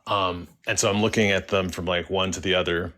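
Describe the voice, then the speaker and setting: A young man casually telling a first-person story as a caller, halting and restarting with many likes and ums. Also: low voice, fairly even intonation, bright, forceful tone.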